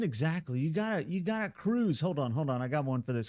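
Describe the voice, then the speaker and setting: A man's voice: a little high, big pitch swings, fairly quick, a little mellow. A man live streaming, chatting casually with his viewers in a playful, giggly way and laughing often.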